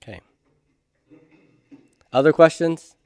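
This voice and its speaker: Middle-aged man, patient classroom lecturer, unhurried, dry recording. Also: fairly high pitch, a little mellow, clear, resonant tone, no echo. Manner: slow, methodical, checks in with "okay?". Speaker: Hebrew instructor.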